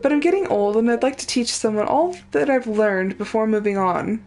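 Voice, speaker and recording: A woman reading aloud the lines of a gentle older man who lives alone in nature, in her own voice. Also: on the high side, brisk, soft background music, close to an everyday voice.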